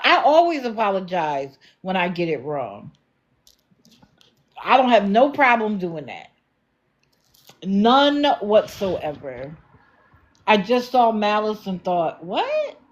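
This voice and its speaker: A woman's voice: fairly low pitch, lo-fi sound. Chatty woman hosting a livestream. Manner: apologetic, reads and answers viewer comments. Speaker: livestream host. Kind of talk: casual livestream commentary.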